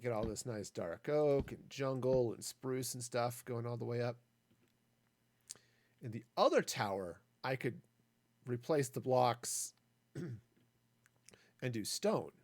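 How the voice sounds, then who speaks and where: Male streamer, loose, wandering commentary, lively pitch, dry close sound. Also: slow, pauses often, no room sound. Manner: rambling, jokey asides. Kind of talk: casual gameplay commentary.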